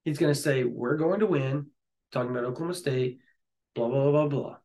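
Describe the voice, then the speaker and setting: A man co-hosting a casual sports chat, jokey and excitable, often laughing. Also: mid-range voice, fairly quick. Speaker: sports podcast co-host.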